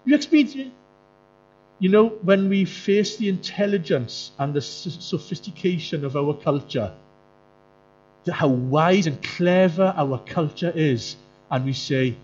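Animated preacher man. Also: unhurried. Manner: animated, jumps into high mocking voices for quoted characters. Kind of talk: sermon. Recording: muffled lo-fi sound with faint music.

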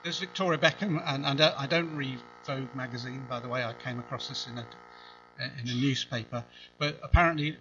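A man delivers a sermon in a chatty, conversational manner, dropping in wry asides. His voice is bright and forceful. The recording sounds slightly dull, with a faint hum underneath. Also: medium pitch. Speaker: preacher.

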